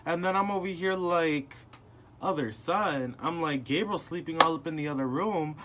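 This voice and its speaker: A man's voice: on the high side, moderate pace, slight background noise. A young man telling a personal family story in casual chat, acting out the voices of the people in it with lots of filler words. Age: young adult. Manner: animated, acting out family members in retold dialogue. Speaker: podcast host.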